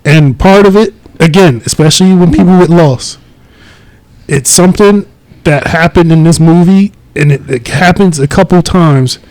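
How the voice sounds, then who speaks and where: A man's voice: a little high, normal speed, a little mellow, no echo, rough recording. A man co-hosting a podcast, chatting casually and driving his points home by repeating them. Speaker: podcast co-host. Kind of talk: casual chat.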